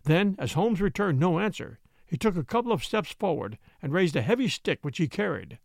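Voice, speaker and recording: A man narrating a classic detective story in an expressive, dramatic way. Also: high voice, a little fast, creaky, hardly any pauses, no echo, clean studio sound. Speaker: audiobook narrator.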